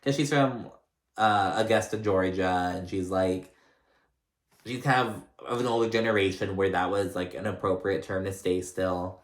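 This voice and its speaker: A man's voice: low voice, normal speed. Chatty man recapping in an echoey room. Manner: chatty, rambling, filler-heavy, sassy. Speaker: recap host. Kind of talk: casual reality TV recap.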